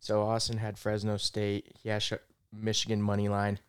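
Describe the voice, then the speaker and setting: Man, podcast host, casual sports chat, laid-back, smooth voice. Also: on the low side, monotone, moderate pace, no room sound, studio quality.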